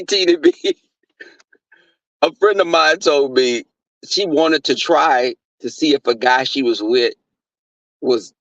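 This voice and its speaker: Young man, high voice, slow talker, brash, profane, gossipy livestream chat, dull dry lo-fi sound. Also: a bit bright, no room sound. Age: 20s. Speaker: livestream host reading chat.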